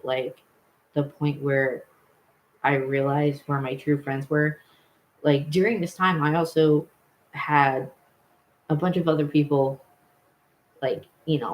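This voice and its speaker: A man's voice: medium pitch, low-quality recording. A young man telling a personal story in a casual vlog, rambling, with many fillers and self-corrections. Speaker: vlogger.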